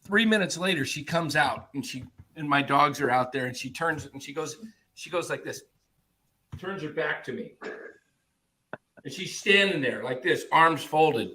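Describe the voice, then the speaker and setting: A man telling a story in a casual chat, animated and acting out the people he quotes. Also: normal speed, husky. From Arizona. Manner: animated, acts out quotes in a loud high voice. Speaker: podcast regular telling a story.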